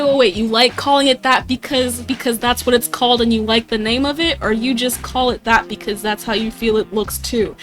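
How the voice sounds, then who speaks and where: A young woman chatting casually on a livestream, giggling often, swearing offhand and mimicking others in high squeaky voices. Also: a bit bright. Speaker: streamer.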